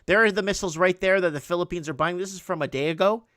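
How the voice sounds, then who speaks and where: A man with a high voice hosts a casual call-in show, rambling through news headlines and pressing his points harder as he goes. The sound is dry and close, with no room around it. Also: quick pace, fairly bright tone, no echo. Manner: rambling, reads headlines aloud, rising emphasis. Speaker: host.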